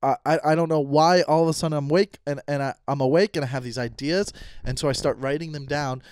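A man's voice: fairly high pitch, fairly even intonation, fast, darkish tone, a little hiss or hum. A man in his thirties hosting a solo podcast, rambling and talking to himself with self-mocking asides. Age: 30s. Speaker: podcast host. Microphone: studio mic.

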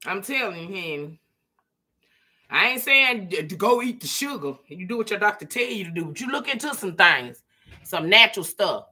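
A woman vlogging in a relaxed, chatty way, talking straight to her viewers and laughing often. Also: medium pitch, moderate pace. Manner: chatty, folksy, laughs often, addresses viewers as "girl" and "y'all". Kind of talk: casual chat to viewers while eating.

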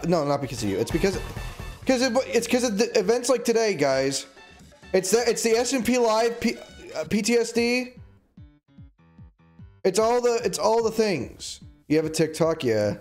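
Streamer, man in his twenties, high voice, agitated rambling rant, soft music bed. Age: 20s. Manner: rambling, agitated ranting with many restarts. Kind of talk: casual live-stream chat.

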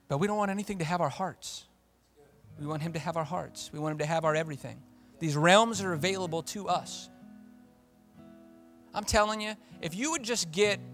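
A pastor preaching a sermon in church, emphatic and repetitive, swinging from loud declarations to hushed asides. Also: male voice, sits high.

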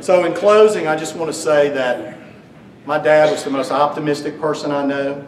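A man in middle age speaks at his father's memorial, his fairly high voice carried through an echoing hall. He jokes with the gathered crowd as he tells family stories. The mic sits some distance away, with a faint hum underneath. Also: steady tone, normal speed. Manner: warm storytelling, joking with the crowd. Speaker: son giving a eulogy. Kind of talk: eulogy speech with humorous stories.

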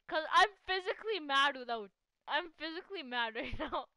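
Hosting a gaming channel, a woman gives casual live commentary on gameplay, excitable and laughing often as she teases a teammate. Her voice sits high and moves at a moderate pace, with no room sound.

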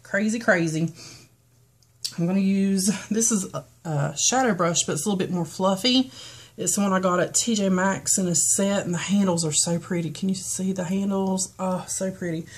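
A woman's voice: mid-range voice, breathy edge. A woman with a toned-down North Carolina foothills accent, chatting casually and rambling through a get-ready-with-me beauty vlog. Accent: Southern US, North Carolina foothills, toned down. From western North Carolina, US. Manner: chatty, rambling, frequent ums and restarts. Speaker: beauty vlogger.

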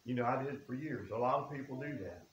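Folksy preacher in echoey church. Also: male voice, mid-range voice, quick pace. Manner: folksy, earnest, reads scripture aloud. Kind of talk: sermon. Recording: echoey room with faint hiss.

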